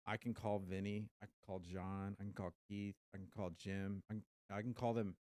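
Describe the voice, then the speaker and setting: A male podcast guest chatting casually, excitable and full of swearing and "dude.". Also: lowish voice, moderate pace, no echo. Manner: excitable, swears a lot, keeps saying "dude". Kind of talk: casual chat.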